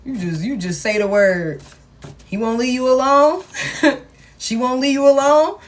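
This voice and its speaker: Her voice is high-pitched and unhurried. As a tarot reader chatting casually with viewers, she laughs often, swears freely, and playfully acts out the people in her reading.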